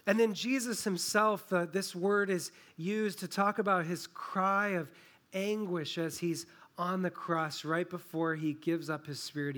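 A man preaching a sermon, earnest, often dropping soft and low on key phrases. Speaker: pastor.

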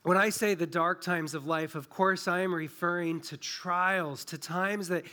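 A middle-aged man preaching a sermon as a pastor, earnest and unhurried, slowing down to dwell on quoted verses. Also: high-pitched, fairly even intonation, pushed and bright. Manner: earnest, slows down to stress scripture quotes.

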